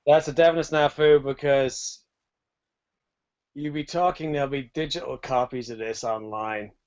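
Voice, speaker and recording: A man's voice: mid-range voice, fairly even intonation, moderate pace, a little mellow. A man co-hosting a casual film podcast, chatty and joking, saying "like" a lot. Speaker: podcast co-host. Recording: dull lo-fi podcast mic.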